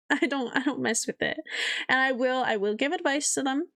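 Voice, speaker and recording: Young female streamer, high voice, blunt and foul-mouthed, does mocking voices. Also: normal speed, bright, forceful tone. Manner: blunt, profane, mimics people in sing-song voices. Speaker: streamer and artist. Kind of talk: casual livestream chat.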